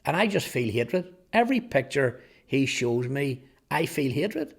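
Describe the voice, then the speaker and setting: A man in his fifties with a Northern Irish accent, earnestly telling his life testimony, halting at times over repeated words. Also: medium pitch, sing-song, vocal fry, slightly rough. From Northern Ireland. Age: 50s. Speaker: testimony speaker. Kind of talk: personal testimony storytelling.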